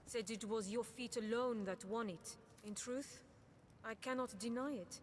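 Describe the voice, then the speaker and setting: An actress playing a troubled captain of soldiers, speaking formally and earnestly. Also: female voice, fairly high pitch, a little slow, a little hiss or hum, natural voice.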